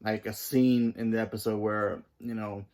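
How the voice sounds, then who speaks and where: A man hosting his own channel and giving a casual, rambling review of a TV episode. He fills his talk with "you know" and restarts, and his voice jumps up in pitch and volume when he stresses a point. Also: level tone, moderate pace, a little mellow. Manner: rambling, many fillers and restarts.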